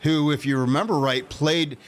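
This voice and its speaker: A man's voice: a little high, fairly even intonation, moderate pace. A man hosting a radio show in casual chat. He tells rambling stories with many restarts. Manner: rambling storyteller, restarts often. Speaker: radio host.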